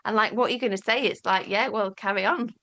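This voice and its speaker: A woman talking candidly as an interview guest, animated and storytelling, casually swearing and acting out quoted dialogue. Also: mid-range voice, fast. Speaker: podcast guest.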